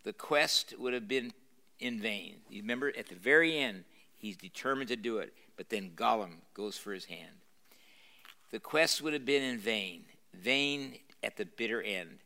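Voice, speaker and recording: An older man reads a novel passage to a gathered audience, leaning into the drama and breaking off to explain the scene. His tone is bright and forward. He restarts phrases and fills pauses as he goes. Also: fairly low pitch, animated. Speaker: pastor reading a novel aloud. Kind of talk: live lecture reading with commentary. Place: university lecture room.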